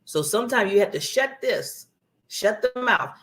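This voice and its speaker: A woman's voice: medium pitch, expressive, normal speed, a bit bright. A woman giving earnest, emphatic motivational advice on a talk show in a broadcast studio, often repeating phrases for emphasis. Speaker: guest speaker giving advice.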